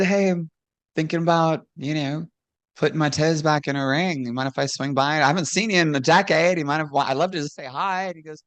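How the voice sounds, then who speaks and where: A woman who used to wrestle professionally, chatting casually as a guest. She tells stories frankly, laughs often and acts out quoted dialogue. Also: sits low. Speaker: guest, former pro wrestler. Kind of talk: casual chat, storytelling.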